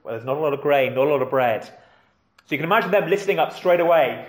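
A man's voice: medium pitch, fast talker, echoey room. A man preaching a sermon in a conversational way, with rhetorical questions and questions put to the children.

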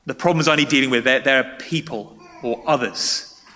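A man's voice: mid-range voice, moderate pace, pushed and bright. A man preaching a sermon in a church, talking in a conversational way and putting questions to the congregation. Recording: long reverb of a large hall.

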